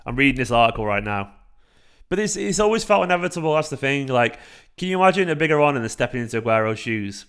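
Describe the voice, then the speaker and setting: A man in his thirties hosting a casual fan livestream, excitable and sweary as he reacts to the chat. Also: mid-range voice, quick pace, clear, resonant tone. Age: 30s. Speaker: fan channel livestream host.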